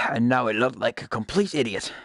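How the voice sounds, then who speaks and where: A man chatting through a game in a loose, rambling way, tossing out jokes and then correcting himself mid-sentence. His voice sits at an ordinary middle pitch, and he talks casually to his viewers. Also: moderate pace, a bit bright, dry recording, studio quality. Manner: rambling, jokey, self-correcting asides. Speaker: gaming YouTuber. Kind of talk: casual gameplay commentary.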